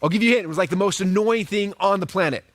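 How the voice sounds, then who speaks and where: A man teaching online marketing in an energetic monologue, acting out quoted messages in a raised voice. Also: very fast, dry recording. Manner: animated, acts out pop-up messages in high voices.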